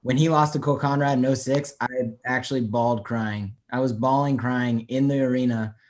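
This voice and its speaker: Brief: young male co-host, mid pitch, earnest and eager fan. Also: fairly even intonation, a little fast. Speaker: podcast co-host. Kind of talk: casual chat.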